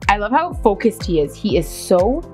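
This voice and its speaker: A woman hosting a reaction video, animated and exclaiming as she comments. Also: medium pitch, normal speed, music in the background.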